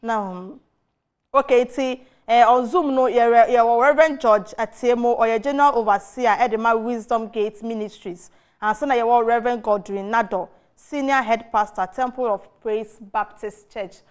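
A woman's voice: fairly high pitch, normal speed, clear, resonant tone. A Ghanaian woman hosting a TV talk show, asking questions with frequent hesitant fillers. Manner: mixes Twi and English, many fillers while asking. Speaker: TV host.

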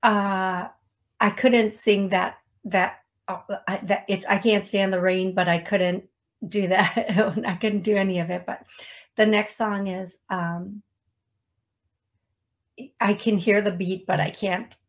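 A psychic medium show host, a woman with a medium-pitched, steady voice, chats slowly with her live-stream audience. In this talk-show setting she calls out names and songs in a casual, self-deprecating way, with small laughs.

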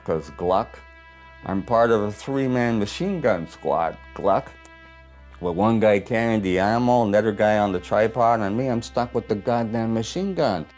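A man's voice: lowish voice, darkish tone, lightly acted. A man playing a bitter, haunted old working-class war veteran who talks coarse, profane and ungrammatical in a theatrical stage monologue. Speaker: stage performer in a one-man play.

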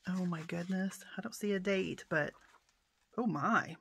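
A woman chatting through an unboxing of her mail haul, softly spoken, often exclaiming in delight and sometimes slipping into a whisper. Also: on the low side, a little slow, vocal fry, slight background noise. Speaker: vlogger showing a mail haul. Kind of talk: casual unboxing chat.

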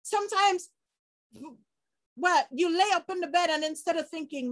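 A woman preaching an informal online sermon, lively and laughing often, acting out quoted people with sudden shouts and low murmurs. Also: normal speed, long pauses, dry recording. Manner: quotes people in acted voices.

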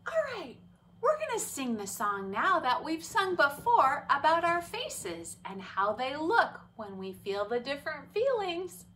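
A woman teaching young children about feelings in a slow, gentle voice, sometimes whispering, and leading a sing-along. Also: sits high, wildly swooping pitch, distant mic, a little hiss or hum. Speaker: special education teacher. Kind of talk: children's lesson.

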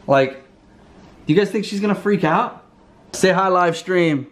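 A man filming a family vlog, excited and laughing as he talks to viewers on a handheld camera at home. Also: high voice, a little slow. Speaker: family vlogger.

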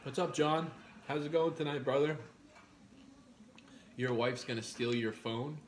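A young man hosts a live stream, eating cereal and reading viewer comments aloud. He talks in a chatty, blunt, easygoing way. His voice sits at an ordinary middle pitch. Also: unhurried, a little hiss or hum. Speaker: livestream host. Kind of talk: casual live chat eating on camera.

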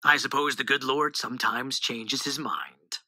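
A woman's voice: very deep voice, measured pace, sharp tone, no room sound, studio quality, full character voice. A woman voicing a solemn preacher father who makes grand pronouncements in a storybook. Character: stern old preacher father, booming.

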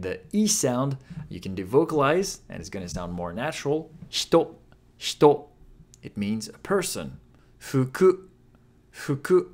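A man's voice: mid-range voice, darkish tone. A man teaching Japanese writing in a playful, scripted lesson, drawing out example sounds. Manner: playful, with drawn-out demo pronunciations.

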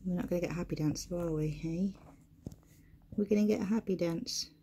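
A woman vlogging at home as she tends her pets, coaxing and cooing at them, often in a hushed near-whisper, caught on a camera mic held by a helper. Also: lowish voice, fairly quick, a little hiss or hum. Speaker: pet keeper vlogger. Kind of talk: casual narration to camera.

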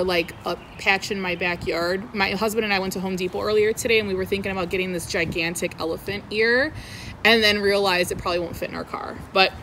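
A woman's voice: medium pitch, fairly bright tone, rough recording. A young adult woman vlogging outdoors, gushing and squealing with delight as she unboxes plants. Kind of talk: excited unboxing vlog. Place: outdoors in the wind. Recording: wind noise on outdoor mic.

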